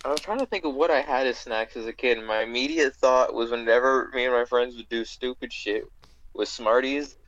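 A man's voice: mid-range voice, fairly quick, fairly bright tone, dull audio, slight background noise. A young man in casual podcast chat, blunt and sarcastic, swearing as he talks.

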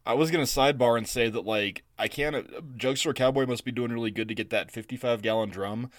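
Male co-host, rowdy and teasing, swears freely, mid pitch, dry close mic. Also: fast talker, no echo. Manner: boisterous, profane, teasing. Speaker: podcast co-host. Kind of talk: casual chat.

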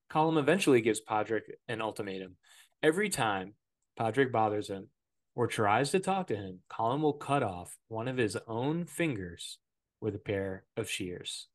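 A man hosting a podcast, recapping a movie plot in a casual, joking, rambling way full of filler words. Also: on the low side. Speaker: podcast host. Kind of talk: casual movie-review chat.

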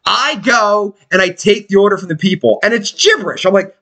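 A man's voice: high-pitched, fairly quick, few pauses, fairly bright tone. A man in his forties from Pennsylvania, telling profane, rambling stories in casual podcast chat. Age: 40s.

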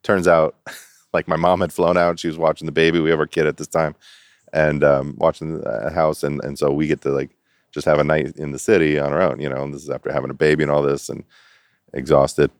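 A middle-aged man with an extremely deep voice tells a story in a relaxed interview, laughing easily and jumping into the voices of the people he quotes. The sound is dry and close, with no room around it. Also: a little fast, no echo. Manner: animated storyteller who acts out quotes and laughs often. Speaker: interview guest.

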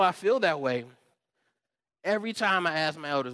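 A fired-up man preaching to his church with a slightly high voice. He swings between loud, rallying calls and hushed, wry asides, often slipping into other people's voices. The sound is close and dry. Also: fast, dry recording. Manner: animated, swings from loud pumped-up shouting to quiet asides, acts out quoted voices. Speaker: pastor. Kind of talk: sermon.

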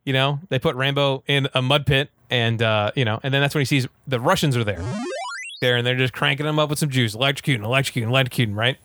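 A man casually retelling a movie plot in a rambling, animated way, full of fillers. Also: mid-range voice, fast talker.

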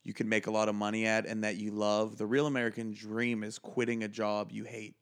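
A young man, a comedian and podcast co-host, telling stories in casual chat, animated and swearing freely with lots of filler words. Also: fairly low pitch, brisk.

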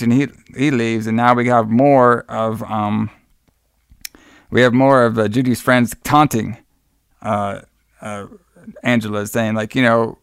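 A man with a gravelly, creaky edge recaps a movie in a rambling, easygoing chat, laughing and swearing as he goes. His voice sounds dry and close to the mic, with no room around it. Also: mid-range voice, fairly even intonation, normal speed, dry recording. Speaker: podcast co-host.

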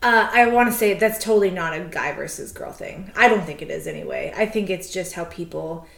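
A woman's voice: lowish voice, animated, fairly quick, vocal fry, a bit bright. Woman cohost just chatting, swears a bit, lots of ums, roomy echo. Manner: candid, swears freely, lots of fillers. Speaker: podcast co-host. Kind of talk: casual chat.

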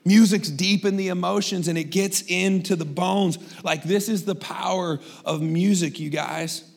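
High-voiced man preaching a sermon. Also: unhurried, gravelly. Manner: energetic, conversational preaching with rhetorical questions. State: losing his voice. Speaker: pastor.

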